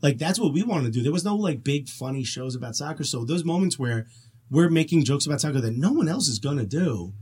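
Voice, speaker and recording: Guest, male, husky, fast, raised pitch, animated storyteller. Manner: animated storyteller, laughs often. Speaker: podcast guest. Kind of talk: casual podcast chat.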